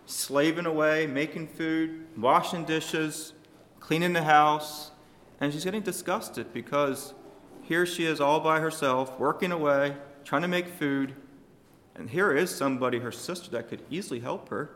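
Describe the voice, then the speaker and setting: A man preaching a sermon to his congregation, speaking emphatically and shifting his loudness for emphasis. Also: a little high, a little slow, in a large hall.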